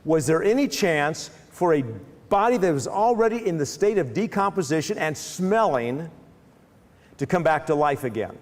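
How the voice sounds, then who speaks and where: A man giving a lecture that retells a Bible story, in a lively storytelling manner with frequent restarts. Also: on the high side, normal speed, in a large hall. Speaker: speaker.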